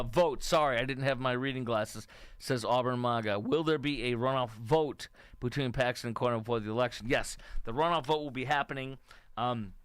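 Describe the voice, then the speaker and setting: A man's voice: medium pitch, fairly bright tone, clean tone, dry recording. A middle-aged man from Texas hosting a political talk show, giving opinionated, rambling commentary and reading viewer comments aloud.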